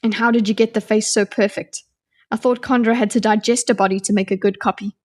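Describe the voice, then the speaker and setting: A woman's voice: mid-range voice, fairly even intonation, brisk, darkish tone, natural voice. A woman voicing a wary, suspicious young woman who questions a stranger, reading lines from a book aloud. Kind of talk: read-aloud fiction dialogue.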